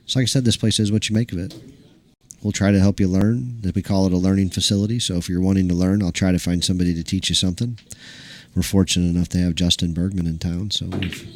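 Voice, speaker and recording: Deep and fast, with fairly even intonation, this man is a pool hall owner and stream host spinning a casual, rambling tale full of fillers and a swear word here and there. A live stream mic records him amid the crowd noise and chatter of the pool hall.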